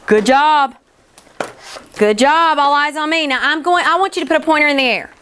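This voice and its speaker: A woman teacher leading a classroom phonics lesson, encouraging and stretching sounds out slowly. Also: sits high, fairly bright tone.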